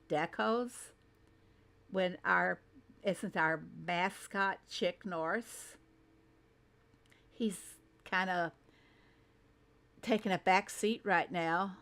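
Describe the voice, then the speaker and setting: Her voice lowish and a bit bright, a Southern American woman with a twang hosts a relaxed reaction commentary. Chatty and quick to laugh, she makes self-deprecating asides as she goes.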